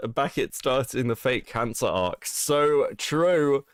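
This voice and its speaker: A man hosts a casual livestream, his voice roughened by a cold. He swears freely and laughs often as he reads chat aloud, his pitch swinging up and down. The sound is dry and close to the mic. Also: expressive, takes it slowly, no echo. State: sick, rough voice. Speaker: streamer host.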